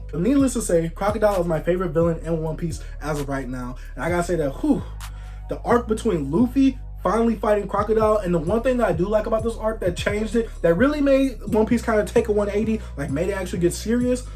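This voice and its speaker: A young adult man giving a casual, slangy review monologue, swinging between loud outbursts and hushed asides. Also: high voice, animated, quick pace, faint music behind. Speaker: manga reviewer.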